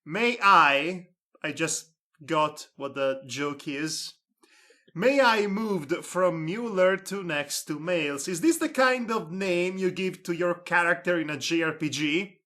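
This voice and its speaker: A man's voice: high-pitched, lively intonation, slow pace, sharp tone. A man reading a comic story aloud, breaking off for sarcastic asides. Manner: sarcastic asides and laughter between lines. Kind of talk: comedic dramatic reading.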